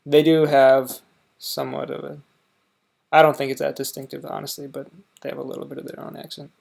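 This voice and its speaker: A man's voice: medium pitch, little pitch movement, brisk, vocal fry, darkish tone. An American man hosting a reaction video, with casual, hesitant commentary and dry asides. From United States. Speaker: reaction channel host.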